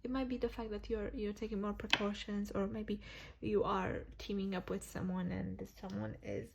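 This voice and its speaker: A woman's voice: medium pitch, little pitch movement, moderate pace, gravelly, background noise. A woman giving a casual tarot reading to viewers, chatty, laughing often and correcting herself as she goes. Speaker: tarot reader.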